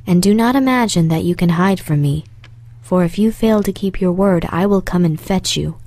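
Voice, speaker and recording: A woman voicing a stern, grim male beast in a storybook reading, speaking slowly and softly with a lowered voice. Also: no room sound, close to an everyday voice.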